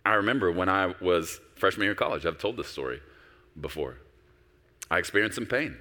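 A man preaching a sermon as a pastor, animated and conversational, acting out quoted voices. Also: deep voice, fairly quick, big-room sound.

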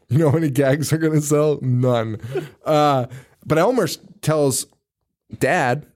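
A man's voice: a little high, measured pace, darkish tone. A man casually recapping a movie on a podcast, joking, swearing and laughing often as he acts out lines. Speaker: podcast co-host.

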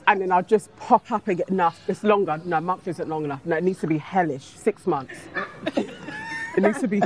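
A woman's voice: fairly low pitch, brisk, a little mellow, slight background noise. A woman panelist in casual chat, dramatic and relishing her story. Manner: dramatic, relishes telling a revenge plan.

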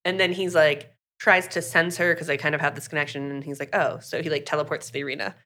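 This podcast co-host has a deep, bright, forceful voice and talks fast with little pitch movement. Recapping a book casually, she acts out characters' dialogue and says "like" constantly.

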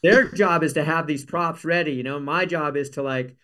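A man, a guest on an interview show, telling a rambling story in an animated way and acting out what others said. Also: a little high, normal speed, noisy background. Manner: animated, acts out quotes, rambling asides. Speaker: guest, actor. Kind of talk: casual storytelling.

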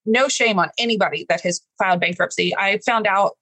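A woman from Texas in her thirties tells her own story as an interview guest. She speaks in an earnest, emotional way at an ordinary pitch. The sound is close and dry, with no room around it. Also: fairly quick, sharp tone, no room sound, poor audio. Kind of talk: candid personal story in an interview.

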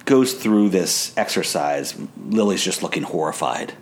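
Deep-voiced man with wry, lively delivery. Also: measured pace. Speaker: podcast co-host. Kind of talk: casual recap chat.

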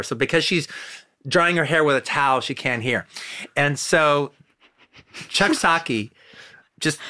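Excitable male host for casual film talk, lively pitch, bright voice, filler-heavy. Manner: animated, excitable, many "uh" fillers, swearing. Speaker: podcast host.

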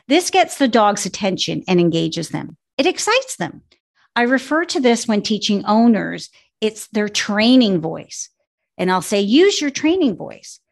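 A woman dog trainer with a gravelly, fry-tinged voice. She explains each point in a steady, instructive way, in relaxed podcast conversation. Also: mid-range voice.

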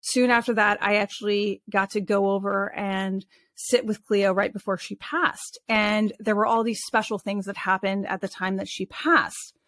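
A woman, an animal communicator, telling personal stories in a casual, expressive interview manner with frequent restarts. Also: medium pitch, moderate pace, no echo.

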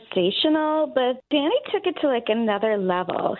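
A high-pitched woman chats on a phone call, saying "like" all through her sentences. The line is thin and phone-like. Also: expressive, fairly quick. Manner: chatty, uses "like" a lot. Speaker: caller. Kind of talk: casual phone chat.

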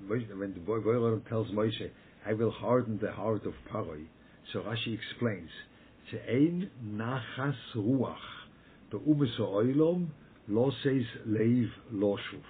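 A man leading a Torah study group over a video call, speaking emphatically and repeating himself, often restarting his sentences. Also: lowish voice. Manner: emphatic, repetitive, halting with frequent restarts. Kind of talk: Torah talk over a webinar. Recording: tinny phone-like call audio with faint noise.

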